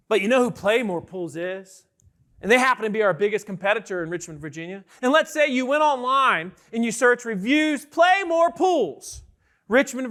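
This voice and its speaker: A man giving an energetic conference keynote, often asking the audience questions. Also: extremely high pitch. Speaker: keynote speaker. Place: large conference hall with an audience.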